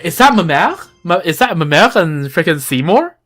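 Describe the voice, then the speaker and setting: A gaming YouTuber giving casual, joking commentary while playing and reacting loudly. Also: mid-range voice, big pitch swings, moderate pace, soft background music.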